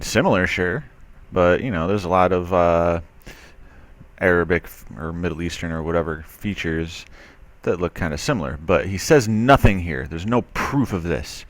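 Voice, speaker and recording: A man's voice: low-pitched, normal speed, dry recording. A man reading a news article aloud and commenting on it, skeptical and sarcastic, with loose talk full of fillers. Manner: loose, with frequent fillers and restarts. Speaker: commentary video host.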